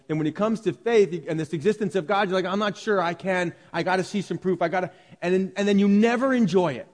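A man preaching a sermon, moving between lively storytelling and calm Bible teaching to a congregation. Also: fairly high pitch. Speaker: pastor. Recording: long hall reverb.

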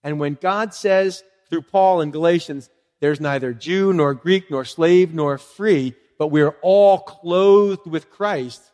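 A man preaching a sermon to his congregation, lively and conversational, acting out short exchanges in different voices. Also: in a large hall. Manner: animated, acts out little dialogues with swooping pitch. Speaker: pastor.

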